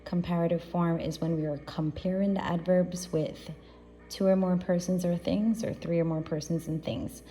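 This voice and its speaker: A woman's voice: fairly low pitch, fairly even intonation, moderate pace, dark tone, faint music behind. A woman teaching a primary school grammar lesson, explaining patiently step by step and repeating key points.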